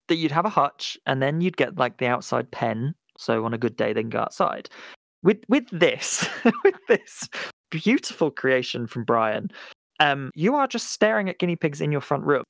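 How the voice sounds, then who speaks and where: A man's voice: medium pitch, gravelly, fairly bright tone, no echo, studio quality. A man co-hosting a comedy podcast, chatting casually, giggling often and rambling with repeated words. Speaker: podcast co-host.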